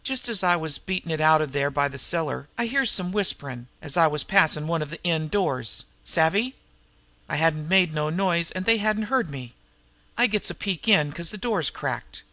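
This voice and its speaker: A man's voice: a little high, lively intonation, moderate pace, sharp tone, no room sound. A man doing a breezy, slangy street crook. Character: airy, complacent young street crook.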